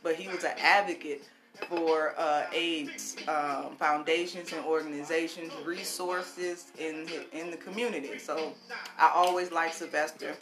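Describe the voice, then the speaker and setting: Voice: mid-range voice, a little slow, music in the background. A host in casual conversation, talking expressively and often saying "look" and "baby.". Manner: expressive, animated, says "baby" and "look" a lot. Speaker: show host. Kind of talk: casual chat.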